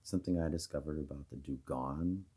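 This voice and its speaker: This is a casual to-camera monologue by a video host whose voice is extremely low, husky, dark and mellow. His delivery is rambling and speculative, full of fillers, pauses, and restarts as his thoughts wander.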